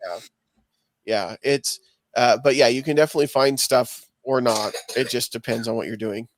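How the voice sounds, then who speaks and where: A man's voice: medium pitch, normal speed, a little hiss or hum. A man co-hosting a podcast, talking in a loose, rambling, chatty way. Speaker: podcast co-host. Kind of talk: casual chat.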